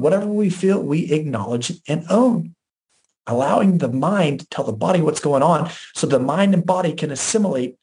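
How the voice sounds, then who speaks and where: A man's voice: on the high side, darkish tone. A man hosting a podcast, giving faith-based relationship teaching in an earnest way, with repeated phrases and frequent restarts. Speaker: podcast host.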